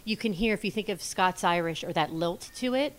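A woman chatting as a podcast guest, talking in an enthusiastic, animated way about her own show. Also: lowish voice, brisk. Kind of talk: casual chat.

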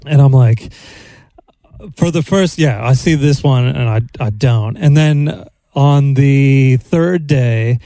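Australian male podcast host, 30s, profane animated storyteller, medium voice, dry studio sound. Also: medium pitch, slow pace, no room sound. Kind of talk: casual storytelling chat.

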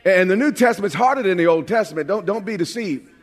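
A pastor from New York preaching a lively, humorous sermon, often repeating words as he builds a point. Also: high-pitched, fast talker. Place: large church sanctuary. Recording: long hall reverb.

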